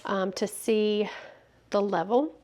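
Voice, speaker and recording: A soft-spoken woman chatting casually while walking around her home for a vlog, thinking aloud into a wireless clip-on mic. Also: medium pitch, steady tone, slow pace. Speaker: vlogger testing a new camera.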